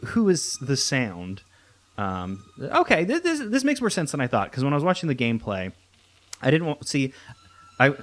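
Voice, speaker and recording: A young man chats casually over a game, thinking aloud in loose, rambling sentences full of restarts. He speaks at an unhurried pace, his voice sitting mid-range but swinging lively up and down. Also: medium pitch. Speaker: let's play host. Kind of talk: casual gameplay commentary.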